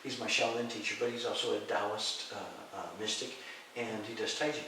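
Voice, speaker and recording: A man, a teacher of Taoist mysticism, telling a story in an interview and acting out the voices in it, sometimes with a high shout. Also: fairly even intonation, moderate pace. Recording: echoey room, distant mic, faint hiss.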